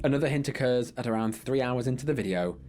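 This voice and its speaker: Guy doing grim scripted narration, mid voice, steady and measured. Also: mid-range voice, faint music behind. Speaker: documentary narrator.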